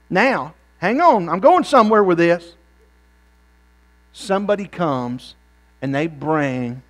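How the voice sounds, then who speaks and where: A man preaching a church revival sermon in a folksy, joking way. His voice sits somewhat high for a man and swings between quiet, confiding lines and fervent, raised peaks. A faint electrical hum runs beneath him. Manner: folksy, rising to fervent shouts then dropping low. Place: church sanctuary.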